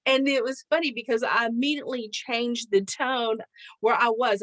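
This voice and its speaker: A middle-aged woman hosts her own podcast, telling a personal story in a lively, chatty way. She laughs often and her voice jumps up when she acts out what others said. The sound is close and dry, with no room behind it. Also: fairly high pitch, no room sound. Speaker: podcast host. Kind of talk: casual storytelling monologue.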